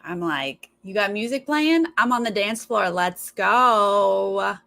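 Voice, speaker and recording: A woman's voice: medium pitch, lively intonation, slow, creaky, bright, forceful tone. A woman hosting a live stream, chatting casually with viewers and mimicking other people's voices in her stories. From Los Angeles. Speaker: live stream host reacting to a TV show.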